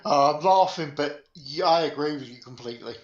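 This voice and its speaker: A man's voice: a little high, fairly quick. A man co-hosting a talk show, chatting casually and agreeably while laughing along. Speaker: co-host. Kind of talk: casual chat. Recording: roomy, dull remote line.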